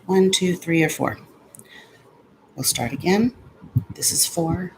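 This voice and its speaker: A woman chats casually to her viewers from home, unhurried and low in her voice. She jokes sarcastically and curses when things go wrong. A faint hum of the room sits under her talk. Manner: chatty, sarcastic, swears when frustrated. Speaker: vlogger. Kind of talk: casual vlog chat.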